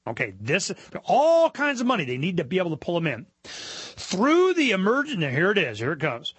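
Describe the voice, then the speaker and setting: A man's voice: sits high, wildly swooping pitch, normal speed, a bit bright, breathy edge, no echo. A man hosting a talk show, commenting casually while reading news aloud, with mocking asides and rhetorical questions.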